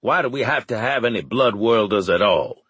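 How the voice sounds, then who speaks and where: A man's voice: on the low side, expressive, moderate pace, a bit bright, breathy edge, dry recording. A man voicing a sour, crude male sergeant who grumbles coarsely. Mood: gruff.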